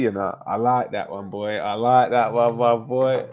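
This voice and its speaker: A man's voice: medium pitch, steady tone, unhurried, darkish tone. A young man hosting a football live stream, casually bantering with viewers in slang-heavy, swear-laced chat. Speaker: football livestream host.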